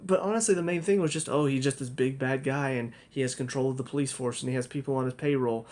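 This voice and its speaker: A man's voice: mid-range voice, fast talker, a little mellow. A young man giving a casual spoken review, talking in a loose, rambling way with lots of fillers and restarts. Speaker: TV show reviewer.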